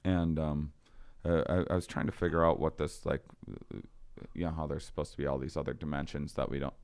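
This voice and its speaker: A man's voice: very deep voice, little pitch movement, brisk, darkish tone, clear, resonant tone. A man telling a long story in casual conversation, acting out quoted lines and laughing often. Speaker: podcast guest.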